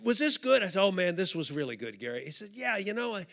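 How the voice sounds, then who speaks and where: A man giving a storytelling sermon at a live conference, animated and comic, acting out the people in his story. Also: high-pitched, quick pace. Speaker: conference speaker. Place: live conference stage before an audience.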